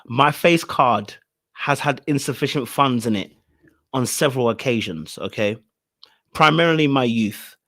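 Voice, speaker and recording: A man hosting a reaction video, commenting loudly on a reality show and repeating his exclamations. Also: mid-range voice, unhurried. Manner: animated, exclaiming, repeats phrases. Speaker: reaction channel host.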